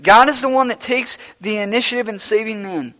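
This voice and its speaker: A man preaching a sermon to his congregation, emphatic and repetitive, shifting between hushed asides and loud declarations. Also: high voice, fairly quick. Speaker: pastor. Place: church service before a congregation.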